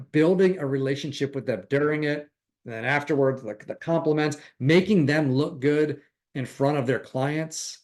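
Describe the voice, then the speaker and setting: Man, instructor, casual coaching, slightly high voice, animated, plays out dialogues. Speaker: real estate recruiting instructor.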